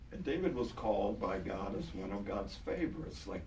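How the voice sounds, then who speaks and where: An older man preaching a sermon to his congregation with a hoarse, partly gone voice, talking earnestly and casually, repeating words for emphasis. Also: fairly low pitch, lively intonation, moderate pace, few pauses, a little mellow. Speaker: pastor. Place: large church hall with congregation. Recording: echoey hall, taken from far off, noisy.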